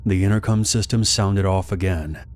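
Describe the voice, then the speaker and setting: A man narrating a scary story in a calm, steady, scripted manner. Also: deep voice, moderate pace, soft background music.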